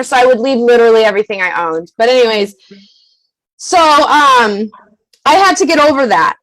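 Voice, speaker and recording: A woman guest on a podcast, talking candidly in an animated, profane, emphatic way and laughing often. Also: on the high side, moderate pace, poor audio.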